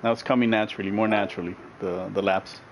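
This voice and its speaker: A man's voice: fairly low pitch, steady tone, fast, poor audio. A middle-aged man streaming a racing game live, chatting casually, reading viewer comments aloud and laughing often. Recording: racing game car noise loud behind voice.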